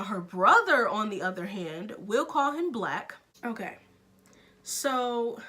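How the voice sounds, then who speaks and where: A young woman tells her story in a bright, forceful voice at a middle pitch. She speaks frankly and sounds exasperated, rushing through some lines in quick bursts. She keeps to a casual vlog delivery. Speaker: vlogger.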